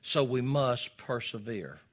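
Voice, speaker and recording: A man preaching a sermon, swinging between loud emphatic peaks and low, quiet asides. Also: lively intonation, takes it slowly. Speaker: pastor.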